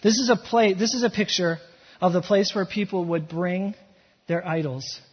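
A high-pitched man preaches a sermon as pastor, narrating the scene like a story and building toward impassioned emphasis at a normal pace. His voice has a breathy edge, and the recording is echoey and dull, with lo-fi sound.

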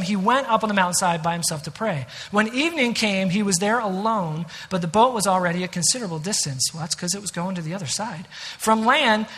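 A man's voice: high voice, a bit bright. A man preaching a sermon as pastor, earnest and emphatic, with conversational asides. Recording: reverberant hall.

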